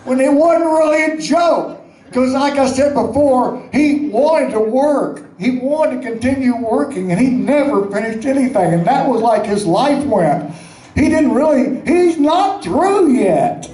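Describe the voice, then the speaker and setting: High-voiced man giving a eulogy. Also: lively intonation, measured pace, dark tone, echoey room, rough recording. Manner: rambling, plainspoken storytelling with folksy asides. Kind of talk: spoken eulogy.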